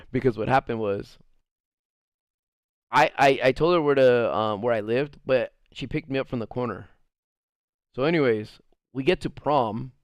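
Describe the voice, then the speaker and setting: A man's voice: mid-range voice, measured pace, pauses often, clean tone, dry recording. A man streaming and casually telling a story to his chat, rambling with lots of fillers, cursing and laughing often.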